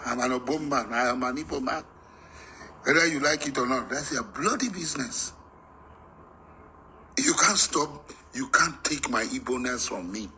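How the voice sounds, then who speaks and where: A middle-aged Nigerian man giving a heated, defiant monologue, repeating himself and rising to shouts. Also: mid-range voice, slight background noise, poor audio. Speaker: political activist.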